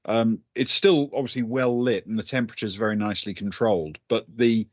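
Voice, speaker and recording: A man's voice: fairly low pitch, a little fast, no room sound, highs cut off. A man narrating as game master of a tabletop game, chuckling and hesitating with many fillers.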